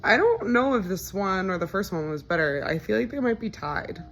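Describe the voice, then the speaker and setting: A woman's voice: medium pitch, sing-song, normal speed, a bit bright. A young woman in casual movie reaction commentary, chatty and wry, often incredulous and laughing.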